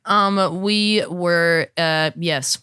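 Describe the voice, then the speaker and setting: Low-voiced, candid young woman. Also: fairly even intonation, bright, forceful tone, clean tone, no echo, studio quality. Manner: candid, halting with fillers and restarts. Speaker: podcast guest. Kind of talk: casual chat.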